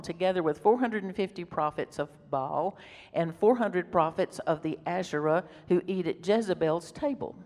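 A woman preaching a sermon, reading scripture emphatically and breaking off into casual explanatory asides. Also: lowish voice. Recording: reverberant hall.

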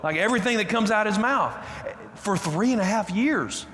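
A man's voice: high voice, animated, moderate pace, a bit bright, a little hiss or hum. A man preaching a sermon as pastor, emphatic and repeating his key phrases. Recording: reverberant hall, roomy echo.

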